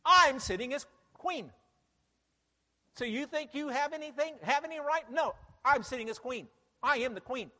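A man preacher voicing a proud, boastful queen who insists she will never suffer, speaking loudly and emphatically. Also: very high voice, expressive, moderate pace, in a large hall, pitched above the performer's own voice, full character voice. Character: proud boastful queen, woman, defiant and arrogant.

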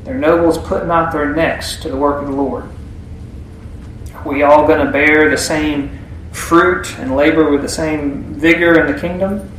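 Folksy preacher in an echoey room. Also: male voice, on the high side, fairly even intonation, a little slow, a bit bright, a little hiss or hum. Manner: folksy, reads scripture aloud then explains. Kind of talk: Bible teaching sermon. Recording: echoey room with faint ambience.

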